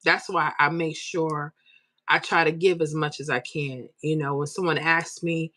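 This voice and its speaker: A lower-pitched woman hosts a live stream and chats straight to her viewers. She is open and emotional as she reads out comments. The sound is dry and close, with no room around it. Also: fairly even intonation, a little slow, pushed and bright, no echo. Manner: emotional, tearful at times, talks straight to viewers. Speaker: lottery numbers YouTube host.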